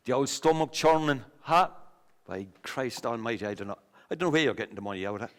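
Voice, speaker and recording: A man's voice: mid-range voice, lively intonation, a little fast, natural voice. An actor playing a rambling, superstitious pub storyteller with an Irish accent, stammering as he spins his tales on a theatre stage. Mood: teasing. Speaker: pub regular telling a story. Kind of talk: filmed stage play acting. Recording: long stage reverb.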